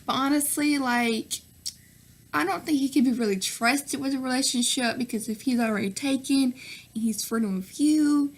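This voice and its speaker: A young Southern woman talks straight to her viewers in a loose, chatty way, her voice sitting a little high. She fills her sentences with "like" and calls her viewers "girl" and "sis", and she laughs often between answers. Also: steady tone, slow. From Nashville, Tennessee. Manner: chatty, full of fillers and "girl", "sis", "y'all". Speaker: vlogger. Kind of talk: casual Q&A vlog.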